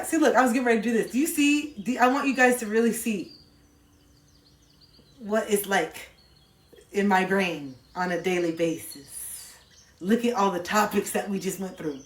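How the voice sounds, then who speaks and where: Playful female streamer, casual chat to viewers, animated, goofy sound bits, echoey room. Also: medium pitch, normal speed, pauses often. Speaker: livestream host talking to chat.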